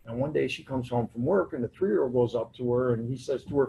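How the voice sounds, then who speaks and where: A man's voice: medium pitch, a little fast, gravelly, mellow, muffled recording, slight background noise. A man speaking at a recovery convention, sharing his personal story in a loose, self-mocking way. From United States. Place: convention hall.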